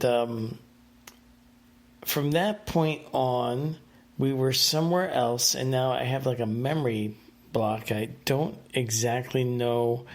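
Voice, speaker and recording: A man hosting a casual solo podcast, telling a story in a rambling, hesitant way with many fillers and restarts. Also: medium pitch. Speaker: podcast host.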